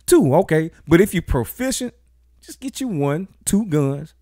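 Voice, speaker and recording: A man co-hosting a podcast, telling stories in a lively conversational way and laughing often. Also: on the high side, a little slow, no echo, studio quality. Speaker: podcast co-host. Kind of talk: casual chat.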